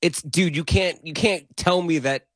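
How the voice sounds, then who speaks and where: A man's voice: a little high, moderate pace, dry recording. A man co-hosting a sports radio show, rambling and restarting his points in jokey banter. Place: radio studio. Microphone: studio microphone.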